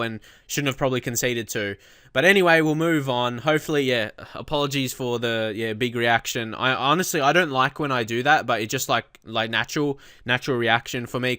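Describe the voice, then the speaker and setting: A young man commentating his own football management game, casual and prone to loud outbursts. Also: medium pitch, clear, resonant tone, no echo, clean studio sound. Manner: excitable, shouts at big moments. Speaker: gaming YouTuber. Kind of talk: let's play commentary.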